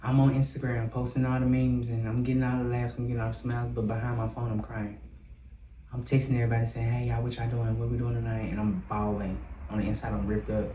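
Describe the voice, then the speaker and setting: A man with a Southern American accent tells his personal story, earnest and reflective, with the odd hesitation. His voice is mellow and dark. He is recorded from a distance in an echoey room with a faint hum behind him. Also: mid-range voice, little pitch movement. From Southern United States. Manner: earnest and open, slow and reflective, with some hesitant "um"s. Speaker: guest singer.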